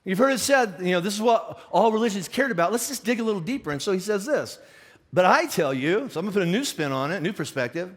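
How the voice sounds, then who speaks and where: Animated man preaching a lively sermon. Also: sits high, fast. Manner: animated, conversational, many restarts and acted questions. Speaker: pastor.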